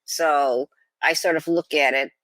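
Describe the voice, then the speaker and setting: A woman's voice: sits low, fairly even intonation, a little slow, fairly bright tone, dry recording. An older woman co-hosting a podcast in casual chat, speaking with wry, dry humor on a computer mic. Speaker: podcast co-host. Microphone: computer microphone.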